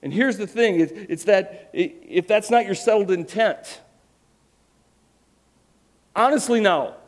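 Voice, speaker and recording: A man delivers a sermon in a fairly high voice. He is earnest and emphatic, and he mixes in self-deprecating humor. He presses his points home with conviction. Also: measured pace, pauses often. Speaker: pastor.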